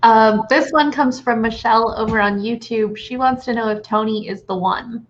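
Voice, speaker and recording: A woman's voice: on the high side, moderate pace. A woman host plainly reading viewer questions aloud on a live stream. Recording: dull lo-fi sound.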